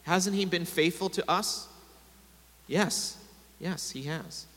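Man preaching, slightly high voice, congregation hall with long echo. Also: slow pace, fairly bright tone. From America. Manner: preaching with call-and-response to the congregation. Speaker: pastor. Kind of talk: sermon.

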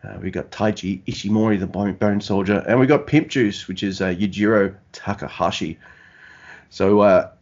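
Relaxed rambling man in casual chat. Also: on the low side, normal speed, highs cut off. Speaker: podcast co-host.

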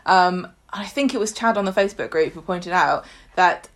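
A woman's voice: lowish voice, normal speed. Chatty woman podcaster. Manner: animated storytelling, laughing, loud acted quotes. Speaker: podcast co-host. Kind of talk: casual chat.

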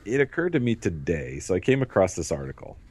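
A man's voice: sits low, very animated, fast talker, darkish tone, slight background noise. A man co-hosting a podcast in casual chat, laughing often and swearing freely as he riffs. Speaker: podcast co-host.

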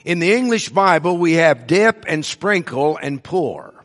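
A preacher teaches slowly and deliberately, emphasizing the words he wants listeners to catch. His voice sits a little high for a man and is expressive and fairly bright, echoing with the long reverb of a large hall.

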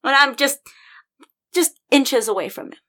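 A woman's voice: high voice, expressive, measured pace, sharp tone. A woman in casual conversation, telling a personal story with passion and vivid detail. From Denver. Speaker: podcast guest storyteller.

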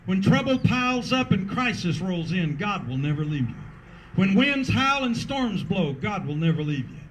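A man's voice: high-pitched, sing-song, moderate pace, a little hiss or hum, poor audio. A man preaching a sermon as pastor at an outdoor parking lot service, emphatic and rhythmic with repeated refrains.

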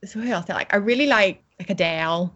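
A woman chats as an interview guest, upbeat and talkative, laughing easily between thoughts. Her voice sits at an ordinary pitch. The audio is a little muffled. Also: a little fast, fairly bright tone. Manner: cheerful, chatty, laughs often. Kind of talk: casual interview chat. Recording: slightly dull audio.

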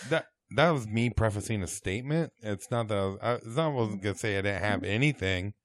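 A man's voice: lowish voice, expressive, fast, no room sound. Laid-back man, dry close mic. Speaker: podcast co-host. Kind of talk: casual podcast banter.

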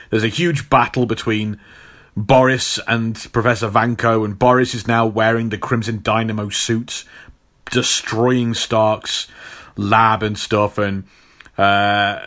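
A man's voice: mid-range voice, fairly bright tone. Rambling man retelling a story. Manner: rambling, with many fillers and laughs. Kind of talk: casual chat retelling a comic story.

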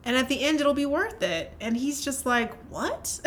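A woman's voice: sits high, gravelly. A woman co-hosting a podcast, chattily retelling a reality show episode with lots of fillers. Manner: fast, animated retelling with many fillers. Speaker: podcast co-host. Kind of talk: casual recap chat.

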